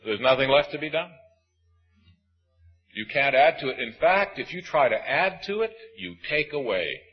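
A man preaching a sermon, emphatic and swinging between loud and hushed. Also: fairly high pitch, very animated, moderate pace, breathy edge, lo-fi sound.

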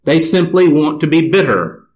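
A man preaching a sermon, reading scripture aloud and explaining it in a slow, deliberate manner. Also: a little high, sing-song, poor audio.

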